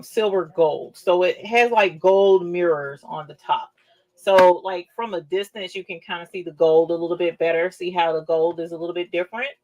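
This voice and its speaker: A woman hosting a casual craft livestream who gushes, repeats herself and calls her viewers fam. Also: fairly low pitch. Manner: gushing, repeats phrases, addresses viewers as fam. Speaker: livestream host showing rhinestone shirts.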